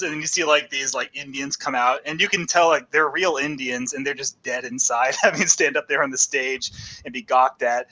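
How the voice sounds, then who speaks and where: A man co-hosting a stream, chatting casually and telling animated stories. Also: mid-range voice, normal speed, low-quality recording. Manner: animated storyteller, swears freely. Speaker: stream co-host. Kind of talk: casual chat about old movies.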